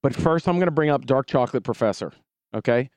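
Animated male podcast host. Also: medium pitch, fast talker, no room sound. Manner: animated storyteller, puts on voices in quotes. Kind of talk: casual chat.

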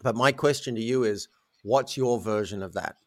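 Man, podcast guest, candid storytelling, self-mocking, animated, dry close sound. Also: medium pitch, normal speed, dry recording. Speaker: guest, coach.

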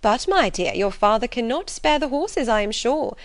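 A woman reading the part of an excitable middle-aged mother in an audiobook, gushing and emphatic. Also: fairly high pitch, normal speed, dry recording, voice pushed up.

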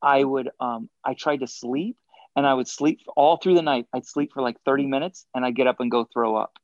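A man as a guest in a casual interview, telling animated stories and acting out quotes between chuckles. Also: medium pitch, fairly quick, dry recording, muffled recording. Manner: animated anecdotes, acts out quotes, chuckles often. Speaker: guest athlete.

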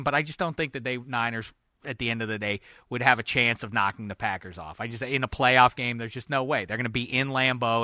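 A man hosting a casual sports podcast, animated and jokey, with frequent "uh" fillers. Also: medium pitch, dry recording, clean studio sound. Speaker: podcast host.

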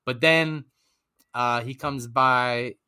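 Laid-back man with a bright, dry voice. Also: mid-range voice, fairly even intonation, very slow, clear, resonant tone, no room sound. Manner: laid-back, slangy anecdotes acting out both sides. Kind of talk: casual chat.

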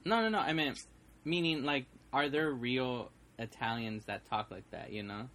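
A man's voice: medium pitch, normal speed, a bit bright. A man who engineers and co-hosts a podcast, chatting casually and teasing jokingly. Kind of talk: casual chat.

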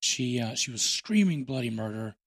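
A man hosting a podcast, telling stories in a joking, animated way. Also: mid-range voice, normal speed, no echo. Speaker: podcast host. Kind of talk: casual chat.

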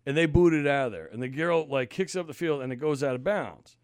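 A man co-hosting a podcast, telling an animated, profanity-laced story about his kid's soccer game. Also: on the high side, brisk, clean tone, dry recording, clean studio sound. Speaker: podcast co-host and parent. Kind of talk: casual chat.

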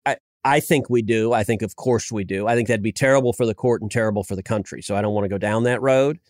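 A man's voice: on the low side, fast, no room sound, studio quality. A man in his forties from the United States, a senator chatting as a podcast guest, telling stories with frequent restarts and stammers. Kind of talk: casual political podcast chat.

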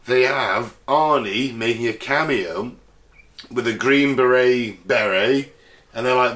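A man in his thirties chats on a podcast in a loose, rambling way. He swears freely and laughs a lot, with a middling pitch. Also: measured pace, a bit bright. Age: 30s. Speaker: podcast co-host. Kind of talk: casual chat.

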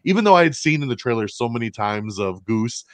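A man co-hosting a casual movie review show, talking in an animated way, acting out characters' lines and swearing casually. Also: mid-range voice, brisk, clear, resonant tone, dry recording. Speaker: podcast co-host.

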